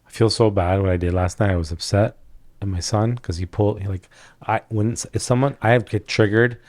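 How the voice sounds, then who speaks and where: A man's voice: fairly low pitch, fairly even intonation, fairly quick, a little mellow. A man hosting a casual podcast chat, talking candidly and rambling, often breaking off and restarting his sentences. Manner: rambling, candid, self-interrupting. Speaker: podcast host.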